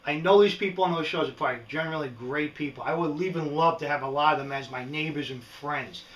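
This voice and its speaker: A man's voice: on the high side, fast, distant mic. A middle-aged man with a New York accent, ranting casually and rambling in a vlog, often tossing in "right?". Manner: animated, rambling, frequent "right?" asides. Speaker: prepping vlogger. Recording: echoey room, speaker away from the mic.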